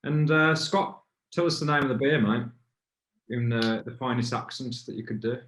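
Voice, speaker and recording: A man's voice: medium pitch, normal speed, a bit bright, a little hiss or hum. Rambling man in an echoey pub. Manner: rambling, stops and restarts mid-thought. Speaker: pub beer review host. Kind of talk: casual chat.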